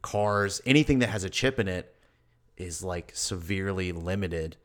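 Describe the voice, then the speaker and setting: A man co-hosts a podcast in easygoing chat. His voice sits on the low side, and he rambles, hedging and stacking up filler words as he thinks aloud. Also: moderate pace. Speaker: podcast co-host. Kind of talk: casual chat.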